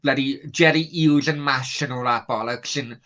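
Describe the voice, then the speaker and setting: Bloke hosting a late night stream, swears a lot, rambles on about football. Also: male voice, medium pitch, moderate pace, a bit bright, rough recording. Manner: sweary, rambling, reads out viewer comments. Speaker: livestream host.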